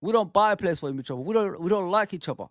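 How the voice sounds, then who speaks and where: A man's voice: high voice, lively intonation, fast, a bit bright, no echo, clean studio sound. A man hosting a football fan channel, ranting with heated, exasperated commentary and some swearing.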